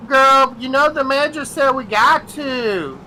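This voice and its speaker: A man voicing a lazy, chatty female fast-food worker in a high, drawling voice. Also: pushed and bright, a little hiss or hum, low-quality recording. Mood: coaxing.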